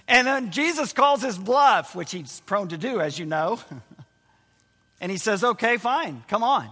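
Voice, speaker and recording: A man's voice: high voice, lively intonation, slow pace, long pauses, sharp tone, husky. A male pastor preaching a sermon in a church, earnest and repeating his key phrases. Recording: long hall reverb.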